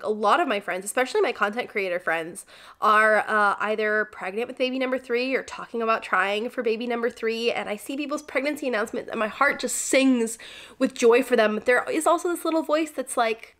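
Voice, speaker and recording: A young woman speaks in a slightly high voice, vlogging candidly and emotionally. She rambles through many "like" and "um" fillers as she opens up. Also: fairly bright tone. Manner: emotional, close to tears at times. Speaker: vlogger, stay-at-home mom. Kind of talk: candid confessional vlog talk.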